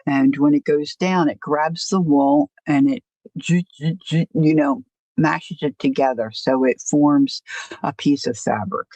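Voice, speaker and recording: A woman's voice: low-pitched, a little slow, warm tone, no echo, low-quality recording. A woman hosting a casual crafting livestream, rambling and self-deprecating, often stopping to restart her sentences. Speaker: crafting channel host.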